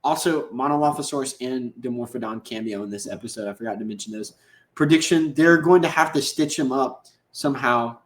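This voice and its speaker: A man's voice: mid-range voice, fairly quick. A man hosting a podcast, recapping an episode in a casual, rambling, slangy way and acting out the characters' lines. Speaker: podcast host. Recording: echoey room.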